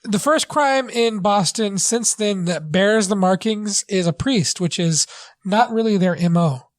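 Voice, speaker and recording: A man co-hosting a casual movie review podcast, talking in a halting way with many fillers and restarts. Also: high voice. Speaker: podcast co-host.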